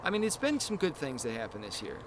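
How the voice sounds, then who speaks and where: A man's voice: medium pitch, wildly swooping pitch, fast, noisy background. A man hosting a casual podcast chat, talking in long, earnest, rambling explanations. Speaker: podcast host.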